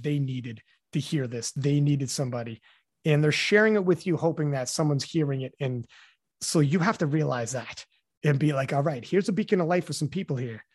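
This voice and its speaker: A man's voice: a little high, no echo, studio quality. A man hosting a podcast, talking in a rambling, casual way with lots of restarts, fillers and swearing. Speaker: podcast host.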